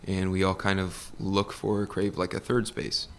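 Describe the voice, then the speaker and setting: A man who manages a bar, talking as a podcast guest in a relaxed, laid-back way. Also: sits low, moderate pace, slight background noise. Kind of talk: casual conversation.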